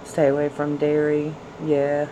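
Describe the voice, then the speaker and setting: A woman's voice: low-pitched, completely flat delivery, unhurried, lo-fi sound, background noise. A woman hosting a tarot livestream, chatting casually with viewers and reading their comments. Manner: chatty, folksy, addresses viewers as y'all and hon.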